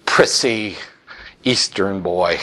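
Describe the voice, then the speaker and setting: Man putting on a low muttering politician, smug, hushed, drawl. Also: drawn-out words, heavily acted. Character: bigoted Southern male politician, smug and muttering.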